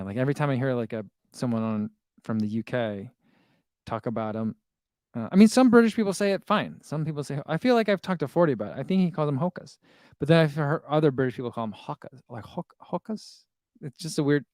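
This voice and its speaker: A middle-aged man hosts a running livestream, chatting casually and laughing easily as he reads viewer comments aloud. His mid-range voice is a little mellow, and the recording is clean studio sound with no room echo.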